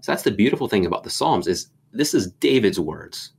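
Male pastor, deep voice, conversational Bible talk, thoughtful and rambling. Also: very animated, a little fast, creaky, breathy edge. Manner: reflective, meandering with many fillers.

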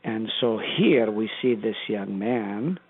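A man's voice: lowish voice, lively intonation, slow pace, gravelly. A pastor, a man, teaching a Bible study in an earnest, emphatic preaching manner. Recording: tinny phone line.

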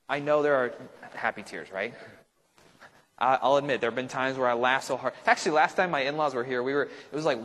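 A man's voice: medium pitch, a bit bright. Man teaching Bible study, reverberant room. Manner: conversational, checks in with frequent "right?"; thinks aloud with restarts and asides. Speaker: pastor.

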